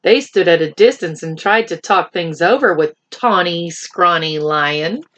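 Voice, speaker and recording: Bright, lively woman reading to kids. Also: fairly low pitch, a little slow. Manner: expressive, counting along with children. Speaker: teacher reading to children. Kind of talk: read-aloud storytime.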